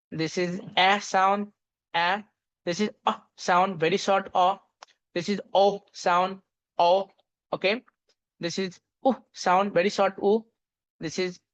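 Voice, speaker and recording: A man's voice: sits high, a bit bright. A man from Nepal with a Nepali accent, teaching English pronunciation in a live online class, repeating each sound several times and using many fillers. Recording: dull lo-fi audio.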